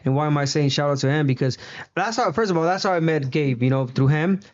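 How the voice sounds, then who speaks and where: A man in his thirties with a Mexican accent, an animated storyteller who acts out quoted voices in a casual podcast chat. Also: a little high, fast talker, lo-fi sound. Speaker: podcast guest, boxing commentator.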